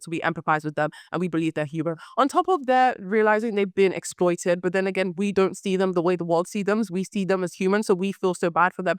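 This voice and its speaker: A young woman hosting a podcast, chatting animatedly about books with a slightly hoarse voice, repeating words for emphasis. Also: mid-range voice, no echo, clean studio sound. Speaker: podcast host. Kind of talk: casual book talk.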